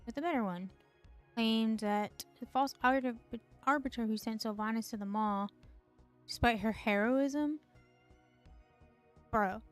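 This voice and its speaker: A woman's voice: on the high side, unhurried, fairly bright tone, smooth, faint music behind. A woman host giving casual, slangy, profane commentary on game lore, full of chatty asides. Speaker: gaming video host.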